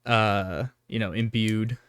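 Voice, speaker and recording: A man's voice: on the low side, steady tone, takes it slowly, fairly bright tone, clean tone, dry recording. A man narrating as dungeon master in an easygoing, somewhat hesitant way. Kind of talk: narrating a tabletop game.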